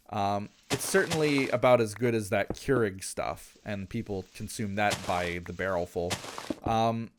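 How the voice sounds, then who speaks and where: A man's voice: medium pitch, fairly bright tone, slight background noise. A man from Canada, telling a casual anecdote in a rambling way, with many restarts and asides. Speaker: gaming channel host.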